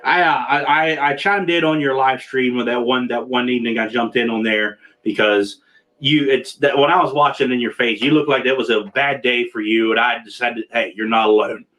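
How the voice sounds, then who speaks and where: Male host, mid pitch, loose rambling chat over a video call. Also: normal speed, pushed and bright. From Pennsylvania. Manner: rambling, repeats words and restarts often. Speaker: podcast host.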